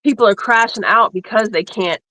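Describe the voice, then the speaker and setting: A woman's voice: on the high side, brisk, bright, forceful tone, no echo, poor audio. Tearful woman on a video chat. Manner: emotional, tearful and laughing. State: teary. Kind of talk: casual panel chat.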